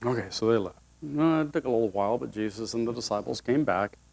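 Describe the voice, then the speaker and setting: A man's voice: mid-range voice, quick pace, gravelly, a little mellow. A male pastor giving a sermon with folksy, humorous storytelling.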